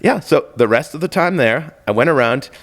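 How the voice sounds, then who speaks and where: A man's voice: mid-range voice, moderate pace. A middle-aged man, a blind filmmaker, telling a story in an interview with laughs and acted-out voices. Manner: lively, laughing, acts out voices in stories. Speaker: guest, blind filmmaker and author.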